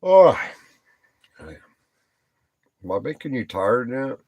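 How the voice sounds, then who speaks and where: A man's voice: lowish voice, expressive, a little slow, dry recording, lo-fi sound. A man in his sixties hosting a casual livestream, joking and rambling as he chats with viewers. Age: 60s. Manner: joking, rambling, teasing the chat. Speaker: livestream host. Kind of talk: casual live chat with viewers.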